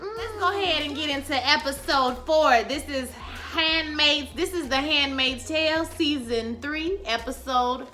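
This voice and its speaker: A woman talks her viewers through a TV episode in loose, slangy chat. Her voice is bright and somewhat high, and she bursts into loud acted-out lines. Faint music plays underneath. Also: measured pace, hardly any pauses. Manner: animated, acts out characters' lines with loud outbursts; casual slangy speech, addresses viewers as y'all. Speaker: TV recap vlogger. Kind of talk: casual TV recap chat.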